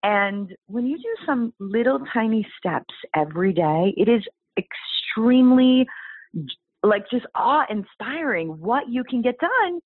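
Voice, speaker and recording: A woman guest telling her story in an interview, animated and exclaiming. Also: fairly high pitch, a little slow, dry recording. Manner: animated, exclaiming, acts out quoted voices. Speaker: guest author. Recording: tinny phone-like line.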